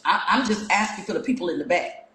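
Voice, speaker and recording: A woman's voice: medium pitch, fast talker, a bit bright. A woman hosting her own live stream, talking casually and firing repeated rhetorical questions at her viewers on a phone mic. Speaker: livestream host. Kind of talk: casual livestream rant to viewers. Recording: echoey room.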